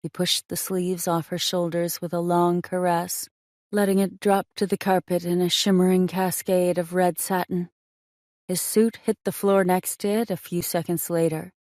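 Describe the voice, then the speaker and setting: A woman's voice: on the low side, little pitch movement, normal speed, darkish tone, dry recording, clean studio sound. A woman narrating a romance audiobook in a scripted reading style.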